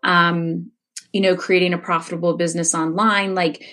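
A woman's voice: lowish voice, little pitch movement, moderate pace, fairly bright tone. A woman in her forties, a coach, speaking candidly and reflectively as an interview guest, laughing easily. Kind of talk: casual interview conversation.

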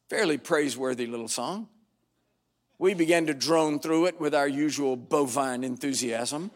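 A man's voice: fairly high pitch, animated, moderate pace. Older male pastor telling a wry story. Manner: wry, dramatic storytelling with sudden loud bursts. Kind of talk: storytelling sermon. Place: church sanctuary before a congregation.

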